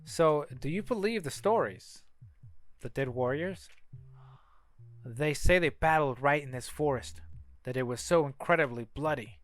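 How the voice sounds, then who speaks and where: A man's voice: a little high, a little slow, no room sound, close to an everyday voice. A man voicing a cocky young male mage who teases his little sister, in a strange made-up accent. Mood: teasing. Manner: odd put-on accent, teasing.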